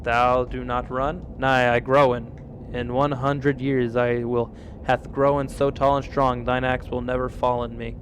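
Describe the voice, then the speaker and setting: A man voicing a solemn talking tree in mock old English, slow and grave. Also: mid-range voice, level tone, slight background noise, lightly acted.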